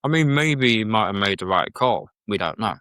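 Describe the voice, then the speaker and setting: A man's voice: on the low side, expressive, normal speed, bright, forceful tone, clear, resonant tone, no room sound. A man talking as a guest on a casual podcast, plain-spoken and a little hesitant. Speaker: guest presenter.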